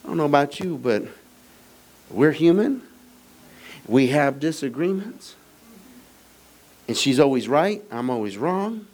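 A middle-aged man preaches in a church sanctuary. He talks to the congregation casually, with teasing asides, then climbs high and loud to drive home a point. His delivery swings widely between quiet and raised moments. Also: measured pace, pauses often, a little hiss or hum. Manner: animated preaching, rising high and loud in emphasis. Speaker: pastor. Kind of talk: sermon.

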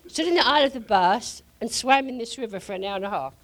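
An older woman telling a testimony to a congregation, her voice fairly high and swinging widely in pitch. She laughs often as she speaks, with the lively pull of a practiced storyteller. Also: fast talker, very noisy.

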